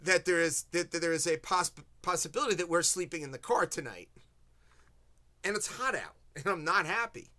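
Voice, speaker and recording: A man's voice: on the high side, lively intonation, a little fast, sharp tone. A man hosting a casual chat, telling a long story animatedly and acting out what people said. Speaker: host.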